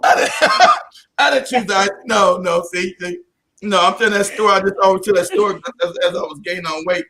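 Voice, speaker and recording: A man's voice: high voice, huge pitch swings, fairly quick, pushed and bright. A man giving a casual talk to an audience, telling jokey, profane stories full of restarts and asides, and calling his listeners family. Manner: keeps addressing the audience as family. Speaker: speaker at a community talk.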